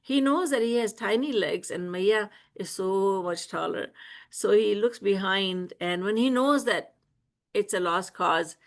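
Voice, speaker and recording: A woman's voice: medium pitch, unhurried. Woman telling a devotional story. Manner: lively, laughs often while telling stories. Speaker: spiritual teacher. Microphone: video call.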